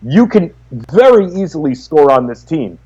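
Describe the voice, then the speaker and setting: A man's voice: fairly high pitch, big pitch swings, moderate pace, dark tone, slightly rough. A man co-hosting a live fantasy sports talk show, giving short, confident opinions and agreeing readily. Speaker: fantasy sports radio co-host. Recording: slightly dull, lo-fi audio.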